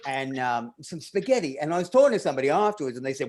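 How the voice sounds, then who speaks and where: Man, stand-up comedian, slightly high voice, rambling, self-deprecating, laughing at own jokes. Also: big pitch swings, quick pace, darkish tone.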